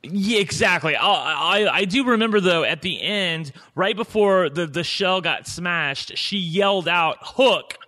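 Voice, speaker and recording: A man's voice: sits high, unhurried, few pauses, sharp tone. A man from Indiana co-hosting a TV recap podcast, speaking candidly and opinionatedly in casual chat. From Indiana, USA. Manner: candid, opinionated, trails off and restarts. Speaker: podcast co-host.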